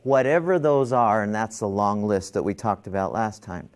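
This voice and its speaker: A man's voice: fairly low pitch, normal speed. A man teaching a class on stress, talking casually and telling a story with many restarts and fillers. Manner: rambling, self-interrupting storyteller. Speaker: stress management instructor.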